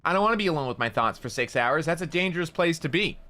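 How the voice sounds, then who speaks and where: Bright-voiced man rambling casually. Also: fairly high pitch, lively intonation, fast talker. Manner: rambling, stammers and repeats words, swears casually. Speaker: streamer. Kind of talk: casual storytelling while gaming.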